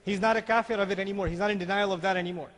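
A man giving an animated religious lecture, acting out the dialogue he quotes and reciting scripture between explanations. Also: sits high, very fast. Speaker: Islamic speaker. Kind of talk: lecture on Quranic language. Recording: lecture hall with long reverb.

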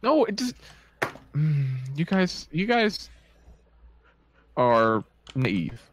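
Young dutch guy w/ accent, lively swoopy pitch, fake-offended gamer banter, laughs a lot. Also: noisy background. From Netherlands. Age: young adult. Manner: animated, mock-offended, quick to laugh. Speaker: streamer and co-player. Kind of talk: casual gaming banter.

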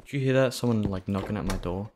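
Jumpy low-voiced man playing a horror game. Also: fast talker, very noisy. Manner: jumpy, talks back to the game, nervous laughs. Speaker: game streamer. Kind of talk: let's play commentary.

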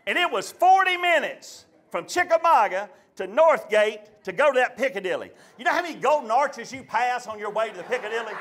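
A man telling a stand-up story to a live audience, acting out his family's voices. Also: very high voice. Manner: animated, acts out family voices. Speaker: stand-up comedian. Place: live comedy show venue.

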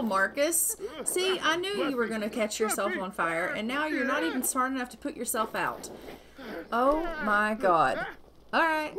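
Chatty, sarcastic woman narrating gameplay. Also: high voice. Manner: chatty, sarcastic, exclaims freely. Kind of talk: casual let's-play narration.

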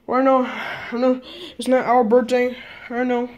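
A woman in a repetitive, halting pretend-play dialogue at home, speaking both sides of the chat and recorded on a phone camera. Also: a little high, completely flat delivery, a little mellow.

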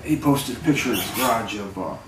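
A man's voice: on the low side, expressive, brisk, background noise. A man telling a story casually to camera, rambling and profane, with lots of fillers. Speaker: vlogger. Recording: echoey room, voice far from the mic, clattering dishes.

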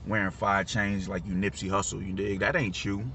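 A man's voice: sits low, little pitch movement, normal speed. A man in a casual, unscripted rant, talking emphatically, repeating himself and swearing freely. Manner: emphatic, repetitive, profane, says "you dig" a lot. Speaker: reaction vlogger. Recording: lo-fi audio with loud traffic noise.

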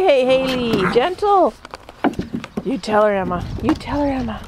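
High sing-song woman cooing at puppies. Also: very animated, measured pace, noisy background. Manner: sing-song baby talk, laughing often. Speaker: dog owner filming her puppies. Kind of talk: cooing at puppies while filming.

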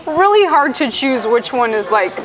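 Chatty high-voiced woman co-host. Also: big pitch swings, normal speed, a crowd in the background, low-quality recording. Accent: American. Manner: chatty, enthusiastic, rambling. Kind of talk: casual chat on a beer show. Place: brewery.

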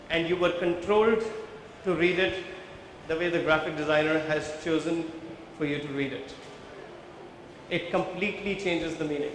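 A man's voice: a little high, normal speed, pauses often. A man leads a workshop on visual merchandising, explaining his points step by step and quizzing the audience. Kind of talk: workshop lecture with audience questions. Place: large conference hall with a live audience. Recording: very echoey hall, faint background noise.

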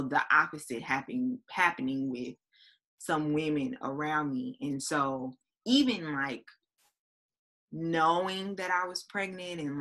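Low, bright-voiced woman in her thirties. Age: 30s. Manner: chatty, many fillers and quoted self-talk. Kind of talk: casual chat.

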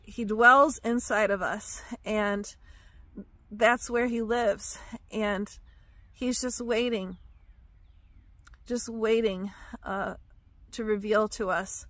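A woman giving a reflective devotional teaching about her dreams, speaking softly and pausing with fillers. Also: mid-range voice, no echo. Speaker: Christian teacher sharing dreams.

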